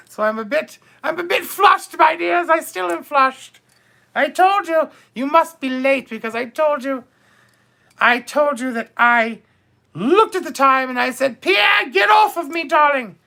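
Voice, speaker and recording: A man's voice: extremely high pitch, lively intonation, measured pace, gravelly, sharp tone, exaggerated voice. A man playing a bawdy, gossipy older duchess on a comedic live stream, theatrically calling viewers darling and my dears.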